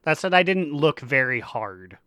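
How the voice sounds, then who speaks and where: A man co-hosting a casual gaming podcast, telling a story with lively energy and acting out characters' lines. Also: on the high side, moderate pace, smooth, no room sound, clean studio sound. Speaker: podcast co-host.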